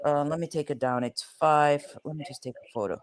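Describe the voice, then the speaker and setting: A man's voice: a little high, steady tone, a little fast. A man hosting a casual show about court cases, chatty and rambling with fillers and restarts. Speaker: host.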